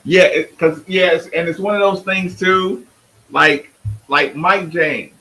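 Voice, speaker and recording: Man, sports radio host, emphatic, bright tense voice. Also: high voice, takes it slowly, rough recording. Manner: animated, emphatic, impersonates others. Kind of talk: sports talk show commentary.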